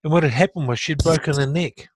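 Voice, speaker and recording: A man's voice: fairly high pitch, fast talker, breathy edge, no echo. A middle-aged man speaking bluntly and earnestly in a casual conversation. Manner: earnest, blunt, animated when retelling. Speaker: guest sharing stroke recovery story.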